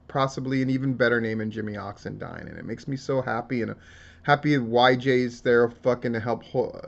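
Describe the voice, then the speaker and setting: A man's voice: medium pitch, creaky, muffled recording. A man giving casual solo commentary on wrestling news, talking in a profane, rambling and emotional way. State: tearing up.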